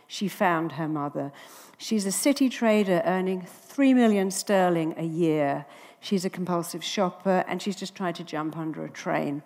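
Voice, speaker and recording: A woman's voice: fairly low pitch, moderate pace, long reverb tail. A woman, a therapist giving a talk on stage and acting out the voices in her stories. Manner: animated storyteller, acting out quoted dialogue.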